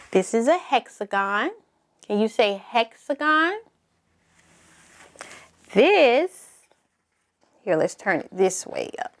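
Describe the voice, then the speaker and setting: A woman teaching a slow, encouraging lesson for small children, asking them to repeat words after her. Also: mid-range voice. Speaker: preschool teacher.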